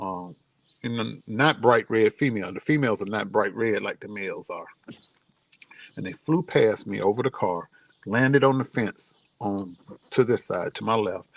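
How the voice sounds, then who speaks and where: A middle-aged man with a deep, gravelly voice speaks casually as a vlogger. His stories come out heartfelt and grieving, and he ends on warm words of encouragement. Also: dry recording. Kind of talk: casual personal storytelling. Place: outdoors near his home.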